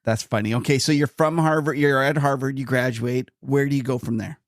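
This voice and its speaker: A man's voice: medium pitch, steady tone, brisk, dry recording, studio quality. A man hosting a podcast, asking questions casually and searching for his words as he goes. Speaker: podcast host.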